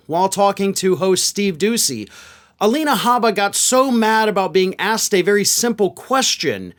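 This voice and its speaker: High, lively-voiced male political commentator. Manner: incredulous, exasperated, scoffing.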